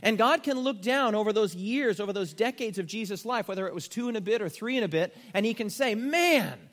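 A man's voice: high-pitched, fast, fairly bright tone. A man preaching a sermon as pastor, building emphasis on key words and slipping in dry humorous asides. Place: church. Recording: long reverb of a church hall.

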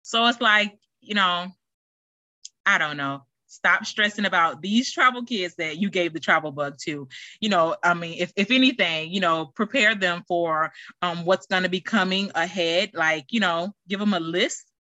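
A woman's voice: fairly low pitch, moderate pace, sharp tone, no echo, highs cut off. A middle-aged woman hosting her own podcast, talking in a chatty, rambling way with lots of fillers and restarts. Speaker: podcast host. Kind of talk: casual solo podcast chat.

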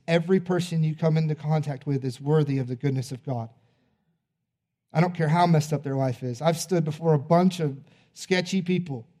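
A male pastor preaching a sermon, retelling a story in an animated, conversational way. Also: on the high side.

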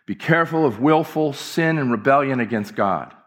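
This is a man's mid-range voice, expressive and a bit bright, moving at a moderate pace. He's a pastor giving a fervent, emphatic sermon in church, circling back to the same phrases again and again.

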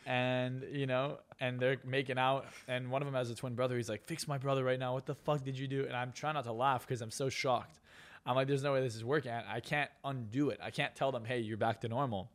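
Fast-talking boastful male coach. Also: medium pitch, fairly even intonation. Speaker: hypnotist and success coach, guest. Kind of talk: casual podcast interview.

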